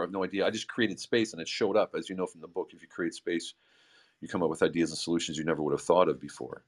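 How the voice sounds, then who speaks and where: A man and veteran entrepreneur giving an earnest, impassioned talk on an online call, with frequent restarts. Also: sits low. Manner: earnest, stumbling restarts, swings between loud and quiet. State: getting emotional. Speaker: veteran entrepreneur, visionary of the project.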